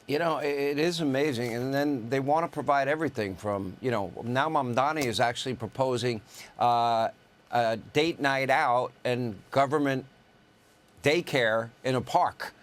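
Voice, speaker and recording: A man's voice: mid-range voice, normal speed. A man hosting a political TV interview, rattling off lists in an indignant tone. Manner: list-driven, indignant. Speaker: host.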